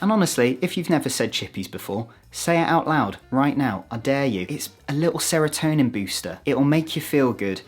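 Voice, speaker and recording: A British man talking to camera in a vlog, expressive and playful, with sudden jumps up in pitch for emphasis. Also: a little fast, hardly any pauses, over music. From United Kingdom. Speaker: vlogger.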